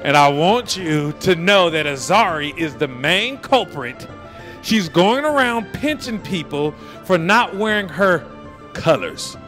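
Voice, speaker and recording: A man's voice: sits high, expressive, unhurried, fairly bright tone, faint music behind. A man hosting a man-on-the-street interview, joking and teasing the people he stops outdoors.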